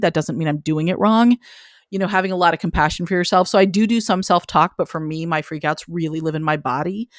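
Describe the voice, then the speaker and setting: A woman's voice: low voice, no room sound, studio quality. A woman in her forties, a parenting author, explaining candidly in a podcast interview with self-deprecating humor.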